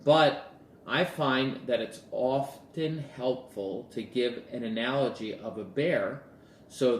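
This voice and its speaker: A man's voice: medium pitch, slight background noise. Man coaching on relationships, roomy sound. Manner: storytelling with acted-out dialogue. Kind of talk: casual talk to camera.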